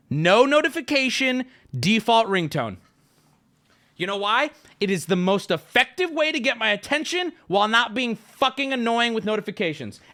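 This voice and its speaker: High, lively, riled-up male streamer. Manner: profane, stammering, riled-up storytelling. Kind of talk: casual livestream rant.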